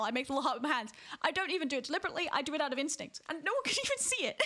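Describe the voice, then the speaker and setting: A woman chats to her stream viewers from her room, her voice high and swooping with lively ups and downs. She rambles, restarts her sentences and giggles often. The tone stays casual and conversational throughout. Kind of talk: casual live-stream chat.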